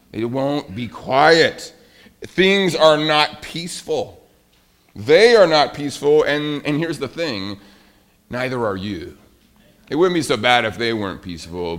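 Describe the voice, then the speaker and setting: A man's voice: mid-range voice, vocal fry. A middle-aged man preaching a sermon, telling a story and talking directly to the children. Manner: animated storytelling, addresses kids directly. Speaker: pastor.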